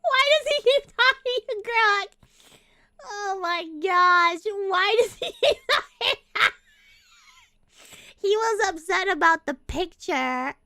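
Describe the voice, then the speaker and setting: A young woman streamer chats casually, swearing freely and dissolving into giggles. Her voice is very high and bright, and she talks at an unhurried pace. The sound is dry and close to the mic. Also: expressive, no echo. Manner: giggly, profane, rambling. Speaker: VTuber streamer.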